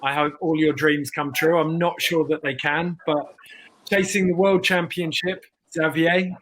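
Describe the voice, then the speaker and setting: A man's voice: fairly high pitch, steady tone, a bit bright, a little hiss or hum, rough recording. A man hosting a casual online chat, upbeat and teasing. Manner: upbeat, teasing, quick asides. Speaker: host.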